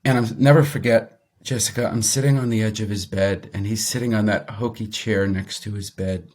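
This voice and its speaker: A man's voice: lowish voice, fairly quick. Man telling a story in an interview. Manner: animated storyteller, acts out quoted voices. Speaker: guest.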